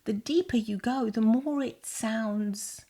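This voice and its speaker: A woman's voice: a little high, takes it slowly, vocal fry, mellow. A woman co-hosting a casual chat, talking with lots of fillers and laughing often. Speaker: podcast co-host.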